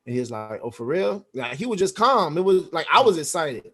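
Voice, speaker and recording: Animated man telling a story, slang-heavy. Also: fairly high pitch, a little fast, breathy edge. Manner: animated, acts out quoted dialogue, heavy slang and swearing. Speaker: podcast guest. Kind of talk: casual storytelling interview.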